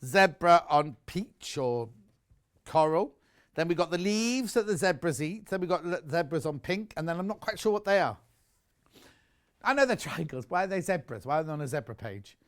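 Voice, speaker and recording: A man's voice: high-pitched, big pitch swings, moderate pace, a bit bright. A British man presenting live on a shopping channel, chatty and rambling as he sells sewing goods. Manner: chatty, rambling, reads out viewer messages.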